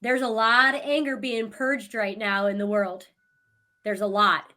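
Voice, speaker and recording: A woman's voice: mid-range voice, measured pace. A middle-aged woman, a podcast guest, telling a story animatedly in casual conversation. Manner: animated storytelling with frequent laughs.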